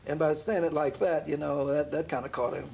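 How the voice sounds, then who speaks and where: A man, a jazz pianist being interviewed, telling a story in a relaxed way, laughing often and acting out the voices of the people in it. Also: fairly high pitch, fairly quick, vocal fry, slight background noise. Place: room in an apartment.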